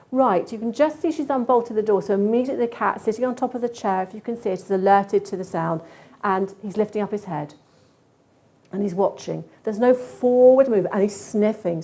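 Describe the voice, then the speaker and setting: A woman speaks at a conference in a mellow, warm voice. She talks in a lively, expressive way and often acts out what an animal might be thinking. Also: medium pitch. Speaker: conference speaker on cat behaviour. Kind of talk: conference talk.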